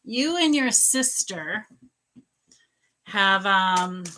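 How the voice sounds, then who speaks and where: A woman psychic medium answering viewer questions in a live stream, chatty and animated, laughing often. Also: medium pitch, very slow, background noise. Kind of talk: live-stream reading, casual chat.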